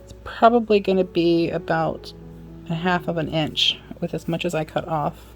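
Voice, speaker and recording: A woman's voice: fairly low pitch, moderate pace, soft background music. A woman giving a casual sewing demonstration, chatting and apologizing in asides as she works. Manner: chatty, apologetic asides, talks while working. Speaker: sewing instructor.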